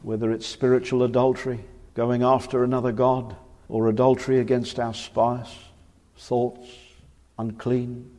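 A man in his forties preaching a fervent sermon in a church, swinging from emphatic declarations to hushed, grave warnings. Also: medium pitch, flat delivery, a little slow. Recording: reverberant church hall.

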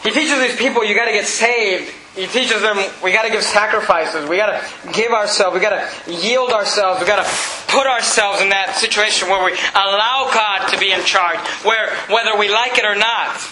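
A man pastor preaching a sermon with emphatic repetition, reading scripture slowly and deliberately. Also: high-pitched, echoey room, noisy background. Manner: emphatic preaching, repeats scripture references, reads King James verses slowly. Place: church.

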